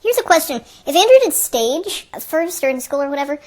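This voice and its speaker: Chatty high-voiced woman rambling through a review. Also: very animated. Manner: chatty and rambling, jumps between quick asides and questions. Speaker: host of an improvised movie-review show. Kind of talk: casual running commentary while watching a film.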